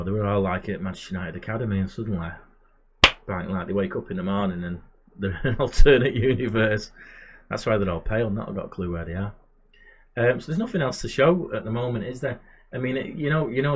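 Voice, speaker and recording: A man's voice: low-pitched, a little hiss or hum. A man giving casual, chatty commentary while playing a management game, muttering asides to himself. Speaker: gamer and channel host.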